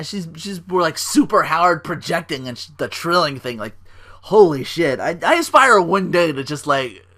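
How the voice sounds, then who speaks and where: A man hosting a casual solo podcast, rambling excitedly with swearing and fillers. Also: fairly high pitch, normal speed. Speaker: podcast host.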